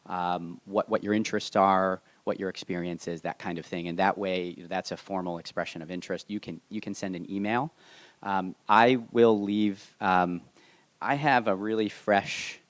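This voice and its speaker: Deep-voiced man moderating a panel. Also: dry recording. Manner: casual, halting with many restarts. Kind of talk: live panel Q&A.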